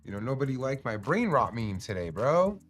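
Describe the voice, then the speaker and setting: A man's voice: mid-range voice, very animated, brisk, faint music behind. A man hosting a casual livestream, chatting in a rambling, joking way and swearing freely. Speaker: cannabis streamer and host.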